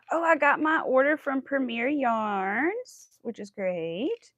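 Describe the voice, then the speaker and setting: A woman's voice: high voice, big pitch swings, takes it slowly, fairly bright tone, no echo, highs cut off. A woman hosting a crochet livestream, chatting casually and rambling while she works. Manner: chatty, bubbly, rambling with many likes and ums.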